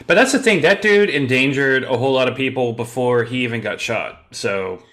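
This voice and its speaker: A man in a casual podcast discussion, telling an animated story with hesitant restarts. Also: medium pitch, brisk. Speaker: podcast guest.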